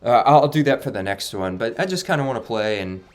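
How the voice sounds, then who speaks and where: A man casually commentating his own playthrough of a video game, relaxed and somewhat monotone. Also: mid-range voice, brisk. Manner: relaxed, laid-back, self-described monotone. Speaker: gaming channel host. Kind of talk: casual let's-play commentary. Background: faint game music.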